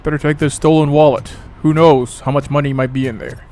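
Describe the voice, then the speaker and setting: A man's voice: fairly high pitch, steady tone, brisk, darkish tone. A young man giving casual, joking let's-play commentary, swearing and laughing as he plays. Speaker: gamer. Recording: game music behind.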